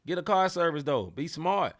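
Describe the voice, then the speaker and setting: A man's voice: a little high, big pitch swings, normal speed. A man co-hosting a casual sports talk podcast, speaking emphatically with slang and repeated phrases. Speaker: podcast co-host.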